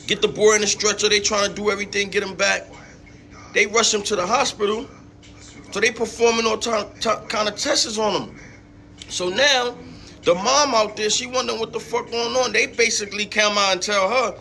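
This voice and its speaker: A man with a high voice and a sharp, bright edge tells a story in a casual podcast chat. He swears freely and jumps into the voices of the people in the story. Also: normal speed. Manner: animated, acts out quoted people. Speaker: podcast co-host.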